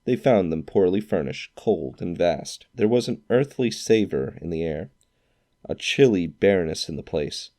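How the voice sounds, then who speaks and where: A man with a very low, dark voice narrates a classic novel in an expressive storytelling manner. He shifts into character for quoted lines. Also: moderate pace.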